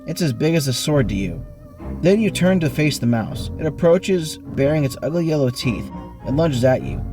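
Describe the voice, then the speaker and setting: A man hosting an online game, reading a choose-your-own-adventure book aloud with animated bursts of speed and sudden pitch jumps. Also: normal speed, music in the background. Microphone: online voice call.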